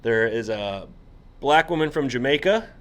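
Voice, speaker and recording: A man's voice: medium pitch, moderate pace. A man co-hosting a casual podcast chat, walking through an old comic book with an incredulous, amused manner. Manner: animated, amused, incredulous storytelling. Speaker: podcast co-host.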